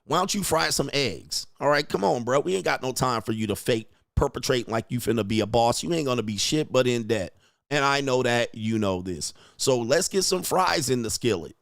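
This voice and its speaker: A man's voice: mid-range voice, lively intonation, normal speed, gravelly, a bit bright, no room sound, clean studio sound. Profane, mocking male ranter. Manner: profane, mocking, emphatic rant; laughs at own jokes. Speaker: host, relationship coach. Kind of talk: livestream commentary rant.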